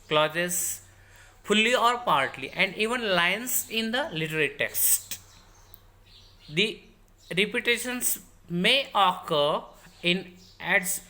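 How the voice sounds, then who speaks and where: Indian English woman, teacher's lecture voice, bright tone; repeats each point twice. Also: medium pitch. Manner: repeats key sentences slowly for dictation. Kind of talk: recorded lecture.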